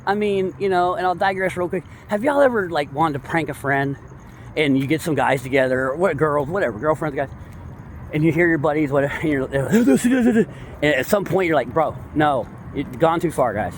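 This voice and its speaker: A man in casual, rambling commentary, excitable and slangy, full of digressions. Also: on the high side, fairly quick, slight background noise. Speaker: true-crime commentator.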